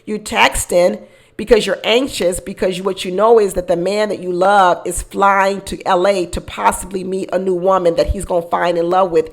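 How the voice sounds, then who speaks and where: A woman hosting casual reality-show commentary, animated, acting out quotes and laughing often. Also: medium pitch, normal speed. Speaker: commentary channel host.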